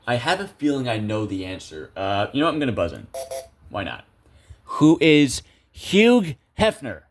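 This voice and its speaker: A man's voice: fairly low pitch, sing-song, fairly quick. A young man commentating a video game casually, chatty and self-amused, thinking aloud with lots of fillers. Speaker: gameplay video creator.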